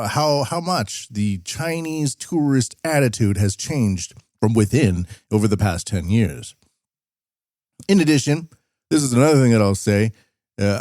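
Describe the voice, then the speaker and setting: A man's voice: fairly low pitch, darkish tone, dry recording, clean studio sound. A man hosting a solo podcast, rambling through opinions in a casual, opinionated way and mimicking the people he meets. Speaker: podcast host. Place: lives and works in Japan.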